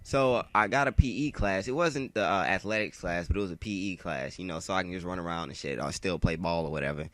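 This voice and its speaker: A man with a lowish voice tells a story over gameplay. His delivery is slangy and rambling, full of "like," with frequent swearing. The sound is dry and close. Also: fast, few pauses, fairly bright tone, dry recording. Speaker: gamer telling a story.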